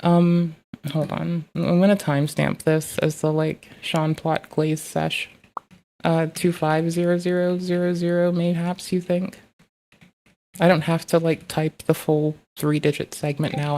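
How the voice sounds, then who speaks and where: A woman streamer with a low, gravelly voice talks in a loose, rambling way. She is blunt and profane as she chats and reacts to clips. Her tone sits on the dark, mellow side. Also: steady tone, a little slow. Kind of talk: casual chat reacting to clips.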